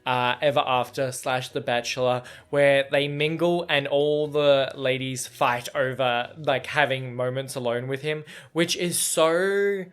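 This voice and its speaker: A man's voice: medium pitch, steady tone, a little slow, hardly any pauses, fairly bright tone, clear, resonant tone. A man chatting casually in a reaction vlog about a book chapter, rambling with lots of fillers, restarts and swearing.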